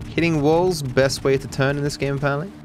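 A young Australian man giving live gameplay commentary, excitable and swearing in quick outbursts at the game. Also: on the high side, faint music behind. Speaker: streamer.

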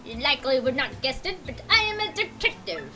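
A woman's voice: high-pitched, sing-song, brisk. A woman voicing a pompous male penguin detective who talks in grand, self-satisfied phrases for a let's play.

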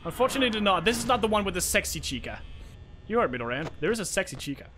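A man's voice: high voice, big pitch swings, very fast, noisy background. A young man streaming a horror game live, swearing freely and bantering with his chat. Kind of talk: live gameplay commentary.

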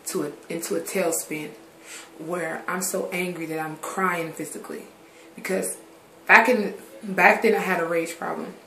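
A woman's voice: on the low side, a little hiss or hum. A grown woman vlogging candidly to her viewers. She drifts from subject to subject and swears casually. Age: adult. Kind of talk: candid personal vlog talk. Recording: roomy echoey recording.

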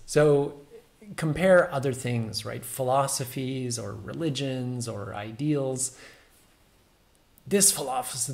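A man's voice: medium pitch, creaky. A man giving a casual, musing meditation talk, full of fillers and small self-amused laughs.

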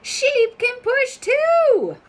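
Woman putting on a squeaky, eager storybook frog, keen to help. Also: big pitch swings, extremely slow, slight background noise, exaggerated voice. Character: helpful eager little frog.

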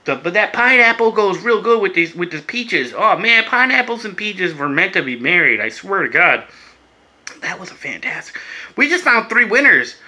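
Excitable, profane beer and vape reviewer man. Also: high voice, normal speed. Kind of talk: casual review vlog.

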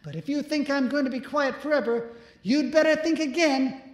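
A woman's voice: high-pitched, moderate pace, natural voice. A woman voicing a chatty, complaining disembodied voice that rambles on. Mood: nagging. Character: nagging disembodied mystery voice, woman. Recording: roomy echo.

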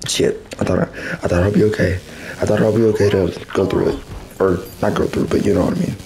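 Hoarse low-voiced man commenting on a race game. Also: fairly even intonation, fairly quick, a little mellow, faint music behind, rough recording. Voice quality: rough, smoker-like. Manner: chatty, laughs often, exclaims at the race. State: hoarse, voice going out. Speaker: gaming channel host. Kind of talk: casual gameplay commentary.

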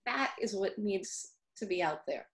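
A woman's voice: mid-range voice, lively intonation, measured pace. A woman hosting a discussion, setting up thoughtful, probing questions for her guest. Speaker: host. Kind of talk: conversational video discussion.

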